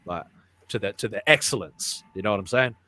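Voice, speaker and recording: Man, low voice, podcast host, casual live chat, rambling, repeats himself. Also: animated, brisk, bright, forceful tone. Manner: rambling, repeats words, laughs often.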